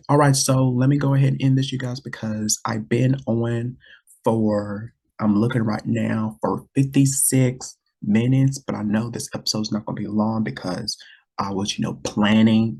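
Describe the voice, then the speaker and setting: A man's voice: medium pitch, vocal fry, darkish tone, breathy edge. A man hosting his own podcast, talking to listeners in an earnest, rambling way, often repeating words and restarting. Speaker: podcast host. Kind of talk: casual solo podcast talk.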